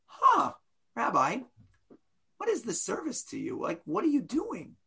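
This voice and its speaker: A man's voice: very high voice, wildly swooping pitch, a little fast, fairly bright tone, slightly rough, voice pushed up, heavily acted. Man putting on a whiny pestering dinner guest. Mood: puzzled. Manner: whiny, insistent questioning.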